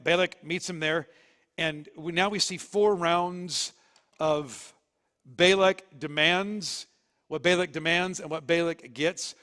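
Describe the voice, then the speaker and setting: A man preaching a sermon as pastor, in a lively, conversational way with sudden loud bursts. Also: a little high, long reverb tail. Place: church sanctuary.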